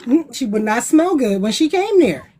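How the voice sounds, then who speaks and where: A woman's voice: a little high, very animated, normal speed, warm tone. A woman panelist chatting casually and telling anecdotes, acting out what people said. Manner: chatty anecdotal storyteller, acts out quotes. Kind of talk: casual storytelling chat.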